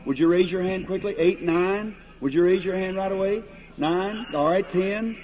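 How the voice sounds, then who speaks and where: An evangelist preacher with a high voice gives an old-time revival sermon and calls people up for a prayer line, folksy, plain-spoken and earnest, at normal speed. He addresses an audience in a large meeting hall, captured on dull lo-fi archival tape with faint hiss.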